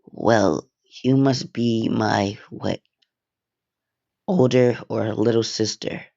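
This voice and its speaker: A man's voice: fairly low pitch, steady tone, gravelly, mellow, lo-fi sound. A man voicing a vengeful teenage boy who mocks and threatens in a cold, sneering way. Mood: calm polite. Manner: threatening, sneering, drawn-out menace.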